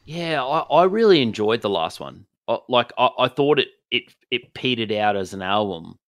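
A man's voice: mid-range voice, big pitch swings, normal speed, no echo, clean studio sound. A man co-hosting a casual music podcast, rambling with hesitant restarts. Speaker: podcast co-host. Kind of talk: casual chat.

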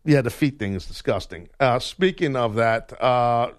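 A man's voice: mid-range voice, animated, normal speed, no echo. A man hosting a sports radio show in casual chat, rambling with lots of fillers and restarts.

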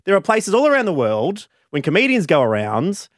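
A man's voice: high-pitched, huge pitch swings, brisk, no room sound, studio quality. A young man co-hosting a radio show, telling rambling, jokey stories. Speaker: radio host. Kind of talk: casual radio chat.

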